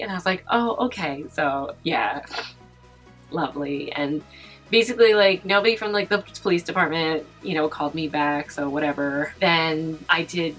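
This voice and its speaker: A young woman vlogger telling a story in casual chat while doing her makeup, talking fast with lots of "like" and acting out what people said. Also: low-pitched, fairly bright tone, soft background music, poor audio. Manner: chatty, fast, heavy use of "like", acts out quoted voices. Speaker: beauty vlogger.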